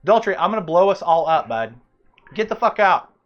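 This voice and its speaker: A man playing a cornered bomber shouting threats. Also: high-pitched, sing-song, brisk, lo-fi sound. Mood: threatening.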